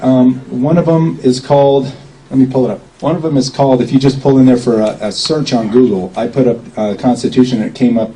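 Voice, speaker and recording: A man's voice: medium pitch, dark tone, a little hiss or hum, low-quality recording. Folksy man lecturing a small crowd. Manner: folksy, rambling, checks in with "okay?". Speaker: speaker at a public gathering.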